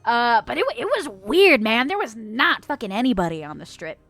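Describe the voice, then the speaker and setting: A woman's voice: a little high, big pitch swings, moderate pace, a bit bright, no echo. A young woman from Las Vegas chatting casually on a livestream as a VTuber, giggling often, swearing casually and reading viewer messages aloud. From Las Vegas, United States. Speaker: VTuber streamer. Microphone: close studio mic.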